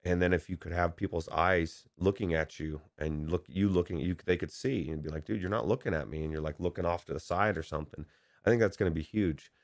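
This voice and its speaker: Low-voiced male co-host, rambling casual chat, dry close sound. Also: steady tone, brisk, dry recording. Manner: rambling, hesitant, many fillers and restarts. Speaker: podcast co-host.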